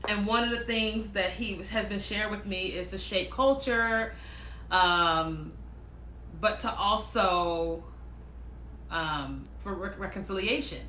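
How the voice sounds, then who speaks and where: A woman chatting casually and telling personal stories, animated and quick to act out what other people said. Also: mid-range voice, roomy sound, a little hiss or hum. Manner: animated, acts out quoted voices, laughs often. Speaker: speaker sharing personal stories. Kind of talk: casual storytelling monologue.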